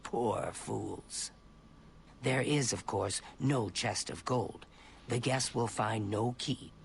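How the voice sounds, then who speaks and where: An actor playing a sly male lizard assassin contact in a game, speaking in a hushed, scheming way. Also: fairly low pitch, takes it slowly, gravelly, a little hiss or hum. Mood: sinister. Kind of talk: game dialogue.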